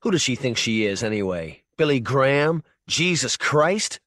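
A man narrating a short story for an audiobook in a measured, intense second-person voice. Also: medium pitch, big pitch swings, fairly bright tone, no echo, studio quality. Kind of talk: scripted narration.

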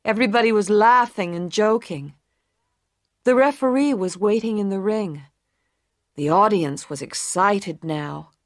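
A woman narrating a storybook for English learners. Her delivery is slow and carefully clear, with a medium pitch and an even reading pace throughout. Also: dry recording, studio quality.

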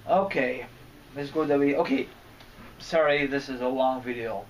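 A man's voice: medium pitch, normal speed. A man giving a rambling, casual rant as a wrestling fan vlogger, cursing and getting irritated as he goes. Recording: distant mic, faint background noise.

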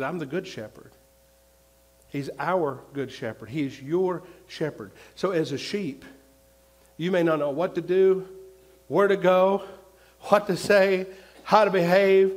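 A male pastor preaching a sermon, repeating his points and swinging between loud and hushed. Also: sits high.

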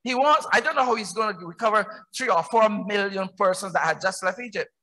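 High-voiced Barbadian preacher. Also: male voice, brisk. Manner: emphatic, rhetorical questions, rising to shouts. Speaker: pastor. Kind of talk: sermon. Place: church.

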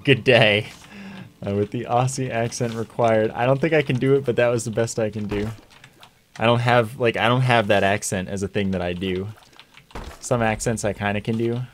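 Low-voiced male streamer chatting through gameplay. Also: steady tone, fairly quick, a little hiss or hum. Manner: casual, chatty, reads and answers chat, wry self-deprecating. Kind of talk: live gameplay commentary.

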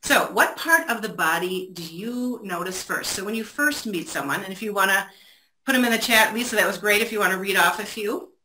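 Bright-voiced woman presenting over a video call. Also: mid-range voice, fairly quick. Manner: engaging, asks audience questions. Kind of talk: virtual training talk. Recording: roomy echo, faint noise.

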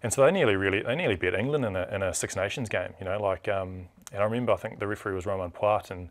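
The speaker is a man with a New Zealand accent, a rugby referee appearing as a studio guest. In casual chat, his lowish voice moves quickly and animatedly, with frequent restarts.

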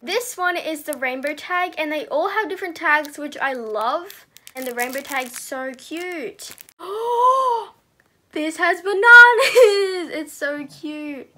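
A teenage girl reviewing squishy toys in a casual, gushing way, sometimes dropping to a soft murmur. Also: high voice, measured pace, few pauses. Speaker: squishy haul vlogger.

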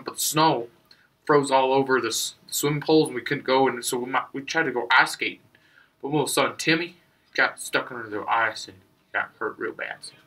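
A man's voice: medium pitch, sharp tone, recorded from a distance, close to an everyday voice. A young man playing a rambling Texan local being interviewed in a comedy sketch, stumbling over his words. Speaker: street interviewee.

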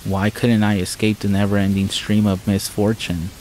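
A man narrating a first-person horror story in a measured, somber way. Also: lowish voice, little pitch movement, a little mellow, a little hiss or hum, low-quality recording. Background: faint rain sounds.

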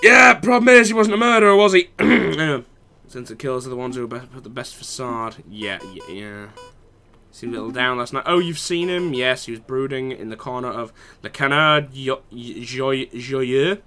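A man's voice: medium pitch, normal speed, sharp tone, soft background music. A young man in university playing a video game, reading the dialogue aloud and mocking the characters with sarcastic, profane remarks. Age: young adult. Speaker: let's play gamer.

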